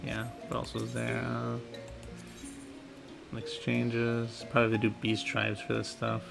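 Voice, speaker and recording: A man's voice: mid-range voice, monotone, a little slow, vocal fry, over music. A man casually thinking aloud while playing a video game. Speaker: gamer. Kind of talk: casual gameplay commentary.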